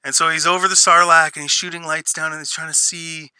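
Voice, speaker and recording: A man's voice: on the high side, level tone, brisk, sharp tone, clear, resonant tone, no echo. A man ranting sarcastically through a spoiler review, exasperated and mocking what he reviews. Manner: sarcastic, exasperated, mocks lines in put-on voices. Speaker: show reviewer.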